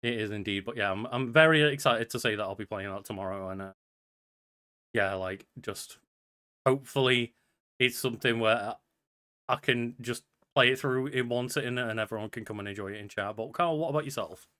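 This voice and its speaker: Bright-voiced upbeat male podcast host. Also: mid-range voice, fairly quick. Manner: upbeat, chatty, often laughing. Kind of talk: casual podcast chat.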